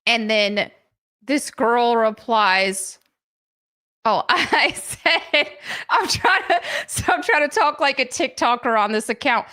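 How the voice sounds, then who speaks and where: A woman's voice: high-pitched, lively intonation, slow, bright, forceful tone. A woman hosting a live stream in a casual chat, giggling often and mocking what she reads.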